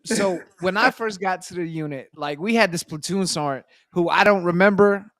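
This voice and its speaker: A man hosting a casual talk show, telling army stories in a lively, profane way and acting out the voices of the people he quotes. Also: sits high, normal speed, dry recording, studio quality. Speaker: podcast host. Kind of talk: casual storytelling chat.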